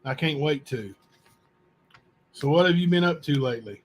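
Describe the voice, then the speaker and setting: A man with a somewhat high voice reads letters aloud for his viewers. He keeps a plain, unhurried pace, breaking off now and then for his own comments. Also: expressive. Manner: plain, unhurried reading with asides and spelling out words. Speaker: channel host.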